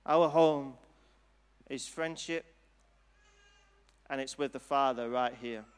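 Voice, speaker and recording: A man's voice: mid-range voice, clean tone. Earnest man preaching in a reverberant hall. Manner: earnest, gentle, unhurried. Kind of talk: sermon with altar call.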